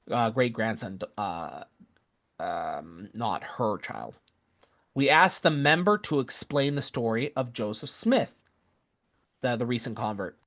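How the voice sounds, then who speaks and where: Regular guy telling a story, earnest, keeps restarting his sentences, mid pitch. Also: fairly bright tone. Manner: earnest, self-correcting, acts out quoted voices. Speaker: returned missionary storyteller. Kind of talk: casual storytelling and lesson.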